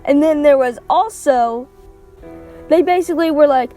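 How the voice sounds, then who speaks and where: A woman's voice: high-pitched, normal speed, mellow, soft background music. A woman vlogger ranting through a casual movie review, sarcastic and swearing, acting out what characters say. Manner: sarcastic, swears, acts out quotes.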